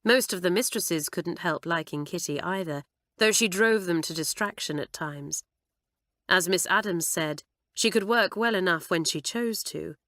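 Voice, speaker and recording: A woman reading a children's audiobook aloud in an expressive way, close to the mic. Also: fairly low pitch, normal speed, dry recording. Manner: expressive, animated. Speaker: audiobook narrator.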